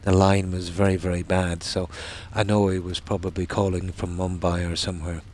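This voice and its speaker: Male streamer, deep voice, chatty rambling storyteller, faint ambience behind. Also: level tone, normal speed, a little mellow, slight background noise. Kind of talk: casual chat while gaming.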